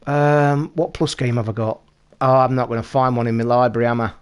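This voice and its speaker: A British man chatting casually on a live stream, talking to his viewers in an excitable, rushed way and swearing constantly. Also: mid-range voice, clear, resonant tone. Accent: British English. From United Kingdom.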